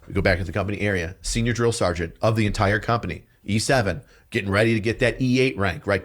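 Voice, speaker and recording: A man telling stories on a podcast as a guest, animated and profane, with loud outbursts when he quotes other people. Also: mid-range voice. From New York. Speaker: podcast guest, police detective and drill sergeant. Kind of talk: casual storytelling.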